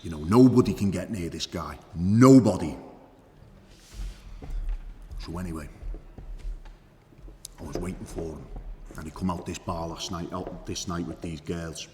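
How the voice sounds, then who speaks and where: An actor playing a boastful, crude hitman who tells his story with swagger, profanity and drawn-out emphasis, in an acting class monologue. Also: deep voice, dark tone, big-room sound, slight background noise. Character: boastful crude male hitman telling war stories.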